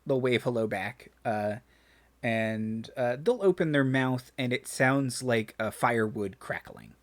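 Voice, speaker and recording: A man narrating a tabletop game as dungeon master, halting often with fillers and restarts. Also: medium pitch, expressive. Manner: hesitant, full of fillers and restarts.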